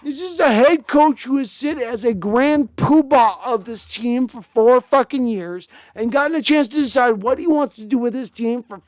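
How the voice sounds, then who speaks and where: A man hosting a sports podcast, swearing and ranting, moving between heated shouting and low mumbling. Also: no echo. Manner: profane, shifting from fiery shouting to low muttering. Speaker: podcast host.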